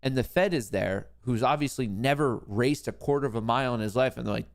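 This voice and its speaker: Male stock show host, gravelly, jokey and irreverent. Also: mid-range voice, animated, brisk, few pauses. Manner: joking, playful, swearing, talks over clips. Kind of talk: casual stock market commentary.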